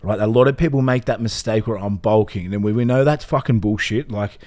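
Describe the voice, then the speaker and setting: A man's voice: mid-range voice, fast, a little mellow. An Australian man co-hosting a casual podcast, laid-back and rambling, swearing freely. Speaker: podcast co-host.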